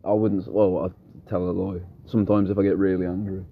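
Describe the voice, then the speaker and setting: Young man, very low voice, blunt and sweary storyteller, faint background hum. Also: little pitch movement, brisk, narrow, tinny audio. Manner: blunt, swears freely, rambling anecdotes. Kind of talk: casual chat.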